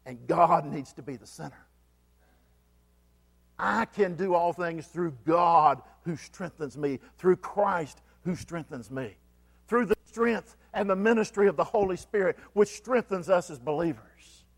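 Man, pastor, preaching, rhetorical questions, repeats key lines, high voice, church sanctuary echo. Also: lively intonation, a little slow, creaky. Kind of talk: sermon. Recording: long hall reverb.

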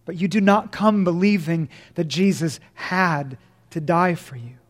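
A man preaching a sermon as pastor, swinging from loud emphasis to hushed, slow lines. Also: a little high, long reverb tail.

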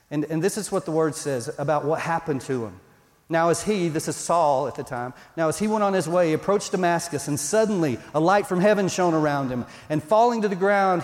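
Man preaching with a long reverb. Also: fairly high pitch. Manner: conversational, emphatic preaching. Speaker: pastor. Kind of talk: sermon. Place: church. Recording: long reverb in a church hall.

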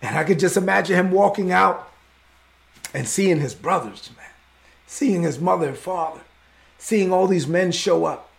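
High, gravelly-voiced emotional preacher man. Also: normal speed, long pauses. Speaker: pastor. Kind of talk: sermon.

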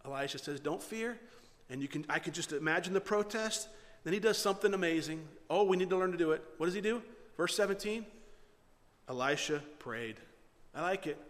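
A male pastor preaching a sermon and retelling scripture with animated, dramatic storytelling. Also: a little high, a little fast, in a large hall.

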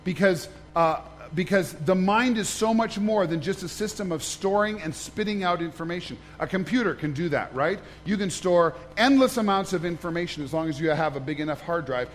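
A man's voice: high voice, animated, brisk, few pauses, slight background noise. A man, a pastor, giving a conversational sermon, joking and asking the congregation questions.

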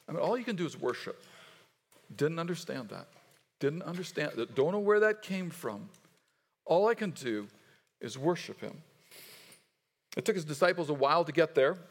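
A man preaching to his congregation, reading scripture aloud and pausing to have them repeat the lines back. His voice sits fairly high for a man and trails into a long reverb, as in a large church sanctuary. He talks in a loose, conversational way, with fillers and restarts. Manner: leads the congregation in call-and-response repetition. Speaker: pastor.

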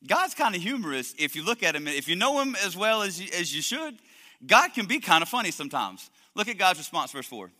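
Animated, bright-voiced man preaching. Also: sits high, fairly quick. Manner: animated, emphatic, repeats words. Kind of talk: sermon. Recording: echoey hall reverb.

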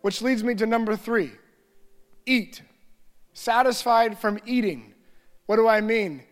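A man preaching a sermon as pastor, earnest and repetitive, building lists of phrases and slipping into quiet prayerful reading. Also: high-pitched, a little slow, clean tone, big-room sound.

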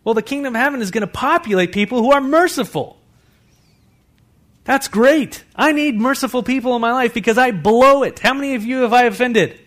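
A man preaching a sermon as pastor to a congregation in a church, animated, with asides to the listeners. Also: very high voice, a little fast.

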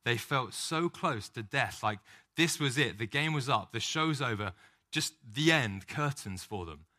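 A man's voice: medium pitch, lively intonation, a little slow, bright, forceful tone. A man preaching a sermon, earnest and rising to impassioned emphasis on key lines. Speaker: pastor.

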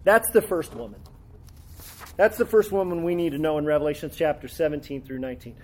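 Delivering an expository sermon, a man reads scripture aloud with growing fervor and unpacks it in a chatty way full of tag questions. His voice runs on the high side and a little fast.

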